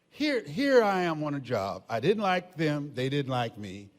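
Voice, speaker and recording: An older man giving a motivational speech to a live audience, telling stories with emphasis, often shouting and laughing. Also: fairly high pitch, very animated, slow pace. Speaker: motivational speaker. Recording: long hall reverb.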